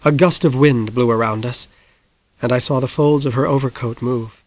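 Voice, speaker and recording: A man narrating an audiobook in a hushed, suspenseful manner. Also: medium pitch, steady tone, moderate pace. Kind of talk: scripted narration.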